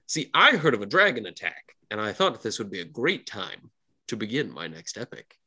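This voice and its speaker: A man voicing a boastful, roguish male minstrel in a tabletop game, theatrical and quick to take offense. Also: lowish voice, big pitch swings, sharp tone, breathy edge, heavily acted. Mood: eager.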